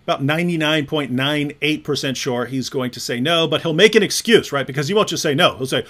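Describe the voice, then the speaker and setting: A man's voice: fairly high pitch, a little fast, fairly bright tone. A man co-hosting a casual online discussion, sarcastic and mocking as he talks. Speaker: co-host.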